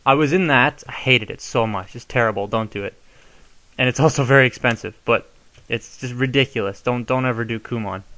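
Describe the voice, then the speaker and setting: A man's voice: medium pitch, bright, forceful tone. A young man casually showing how to modify a toy, chatty and given to rambling asides. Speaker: toy reviewer. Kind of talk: casual hands-on tutorial.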